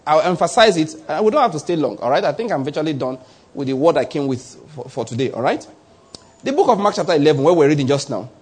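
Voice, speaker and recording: Husky Nigerian man preaching. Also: a little high, quick pace. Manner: animated preaching, acting out little voices and asking if the listener follows. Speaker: pastor. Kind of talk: sermon.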